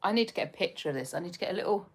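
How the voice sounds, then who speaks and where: A woman's voice: on the low side, animated, very fast, slightly rough. A woman with an English accent, hosting a casual livestream, chatting with viewers, laughing often and calling them her darling. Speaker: livestream host. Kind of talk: casual livestream chat reading comments.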